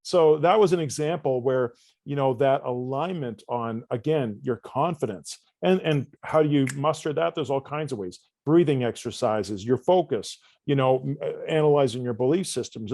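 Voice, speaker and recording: A man in a podcast interview, telling stories and acting out the voices of the people in them. His voice sits at a middle pitch and sounds close and dry, with no room around it. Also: no room sound. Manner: animated storyteller, acts out dialogue. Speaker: guest coach.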